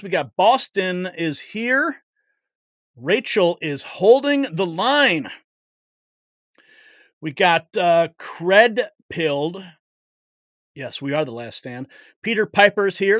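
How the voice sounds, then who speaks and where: A man's voice: high-pitched, fairly bright tone, no room sound, clean studio sound. A man hosting a live political stream, chatting casually, greeting viewers by name and getting emphatic about the stakes. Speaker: political livestream host.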